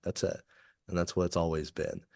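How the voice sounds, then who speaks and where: His voice sits low and steady, creaky and darkish, moving at a normal speed. A guest on a podcast interview, he's an executive coach from Kentucky, USA, speaking earnestly, reflectively, and openly about feelings in clean, echo-free studio sound.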